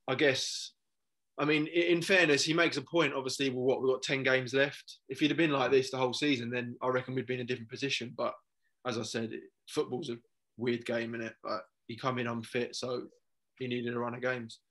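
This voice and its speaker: A man's voice: medium pitch, level tone, fairly quick, a bit bright. A man from England co-hosting a football podcast, ranting and swearing in casual chat. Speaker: podcast co-host.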